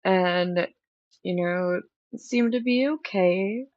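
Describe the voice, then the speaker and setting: A woman's voice: lowish voice, takes it slowly, dry recording, highs cut off. A woman hosting a livestream, chatting candidly to viewers and rambling through stories with lots of fillers. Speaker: livestream host. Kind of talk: casual chat to stream viewers.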